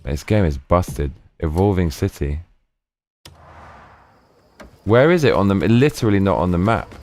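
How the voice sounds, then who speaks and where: A man's voice: low-pitched, animated, a little slow, darkish tone. A man streaming a game live, talking casually and muttering in exasperation as he plays. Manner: muttering, exasperated while playing.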